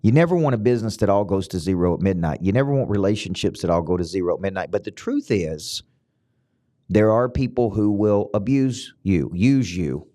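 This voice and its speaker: Speaking with a Southern US accent, the middle-aged man coaches business listeners on a motivational podcast, hammering points through repetition and sudden rises in pitch. His voice is expressive and dark-toned, and his pace is brisk.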